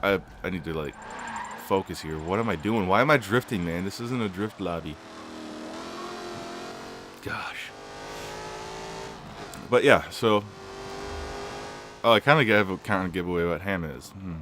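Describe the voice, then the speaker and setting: A young man giving casual, rambling commentary while playing a racing game, swearing often and filling pauses with lots of ums. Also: low-pitched, noisy background. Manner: rambling, swears a lot, many fillers. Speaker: gaming channel host.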